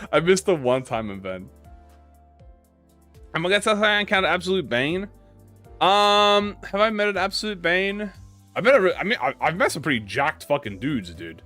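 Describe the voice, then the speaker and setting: A man's voice: high-pitched, big pitch swings, moderate pace, sharp tone, soft background music. A young man, a gaming YouTuber, telling a rambling, profane anecdote in casual chat, with lots of restarts.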